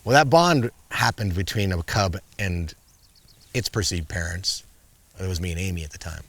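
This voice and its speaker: A middle-aged man in casual interview chat, an animated storyteller who acts out the commands he once gave his bear. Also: low-pitched, normal speed, no room sound. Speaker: guest, wildlife filmmaker.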